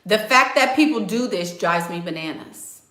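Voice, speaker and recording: An outspoken woman vlogger gives life advice, hammering her points home with repetition. Her voice is bright and forceful. It rings with a roomy echo. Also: mid-range voice, animated, moderate pace. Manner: emphatic and outspoken, repeats key phrases. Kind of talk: casual advice monologue.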